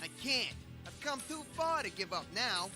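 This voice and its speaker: Joey Wheeler, high brash teen. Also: male voice, sing-song, normal speed. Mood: cocky. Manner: cocky, boastful shouting. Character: brash, scrappy teenage boy duelist. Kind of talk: cartoon dub acting. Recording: dub audio with music underneath.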